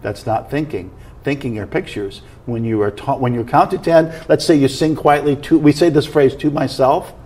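A man's voice: medium pitch, normal speed, mellow. A man teaching about prayer in conversation, explaining in an earnest way and often checking that he is followed.

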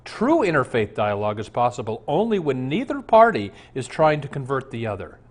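A man's voice: medium pitch, very animated, fairly quick, husky. A man in his sixties, a pastor, preaching an earnest, conversational sermon full of rhetorical questions.

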